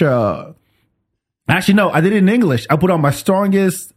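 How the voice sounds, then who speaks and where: A man's voice: high-pitched, normal speed. A man from France, a podcast host telling a story in casual chat and acting out the people in it. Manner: animated, acts out voices in his stories.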